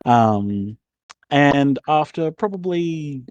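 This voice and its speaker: A man's voice: on the high side, lively intonation, drawn-out words, a little mellow, no echo, lo-fi sound. A man narrating as game master in a loose, rambling way, swearing casually.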